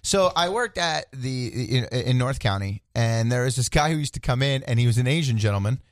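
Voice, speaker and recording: A man's voice: medium pitch, expressive, brisk, dry recording, studio quality. Rambling male radio co-host. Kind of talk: casual storytelling.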